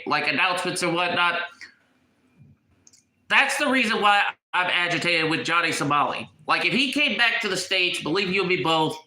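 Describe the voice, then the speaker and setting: A man talking in a casual vlog with a blocked, congested nose. His voice sits high for a man and sounds very bright and sharp, with an echoey room around him. He is agitated, and he repeats himself as he hunts for his words. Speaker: YouTuber.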